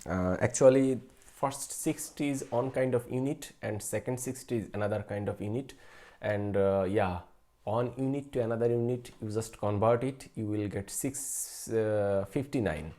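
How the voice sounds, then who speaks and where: Mellow-voiced young man live streaming. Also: lowish voice, normal speed. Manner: hesitant, many fillers and restarts, chuckles often. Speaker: math channel host. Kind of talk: live stream chat answering viewers.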